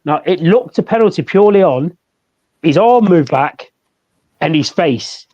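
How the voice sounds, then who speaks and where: A man's voice: fairly high pitch, lively intonation, measured pace, a little mellow. A laid-back man co-hosting a casual football chat podcast, laughing often. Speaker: podcast co-host. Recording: dull lo-fi audio.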